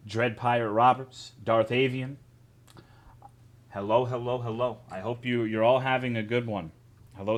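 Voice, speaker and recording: Male live-streamer, profane joking chat with viewers, mid-range voice. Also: mid-range voice.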